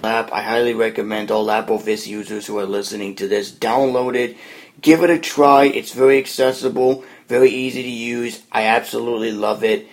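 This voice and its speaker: A man hosting a podcast, walking listeners through an app in a relaxed, plain explaining tone. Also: mid-range voice, moderate pace. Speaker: podcast host demoing an app. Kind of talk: casual spoken app walkthrough.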